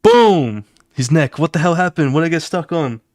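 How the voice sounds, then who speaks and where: A man who streams his drawing, casually walking viewers through his comic pages with animated, fast talk, swearing and sound effects. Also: a little high, no echo, clean studio sound.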